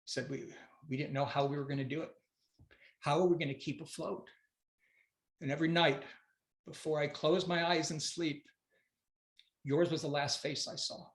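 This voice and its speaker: A man playing a tender old husband married for sixty years, speaking in a quiet, wistful way, recorded with a roomy echo. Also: on the high side, steady tone, normal speed, long pauses, lightly acted.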